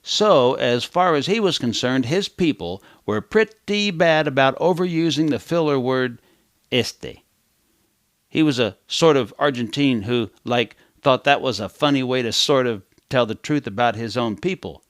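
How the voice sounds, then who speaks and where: A man's voice: medium pitch, lively intonation, measured pace, no echo, studio quality. A man teaching a kids' language lesson in a playful, storytelling way.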